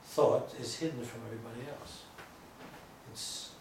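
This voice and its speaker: Chatty rabbi in an echoey room. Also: male voice, medium pitch, moderate pace. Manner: chatty, digressive, joking asides. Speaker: rabbi giving a lecture. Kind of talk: informal lecture with storytelling. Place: lecture room with a small audience. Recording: echoey room from far off, faint noise.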